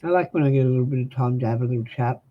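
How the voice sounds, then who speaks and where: She's an Australian woman doing tarot readings on a live stream, talking with viewers in a blunt, casual way and a trained announcer-style delivery. Her bass voice races along, and the sound is lo-fi.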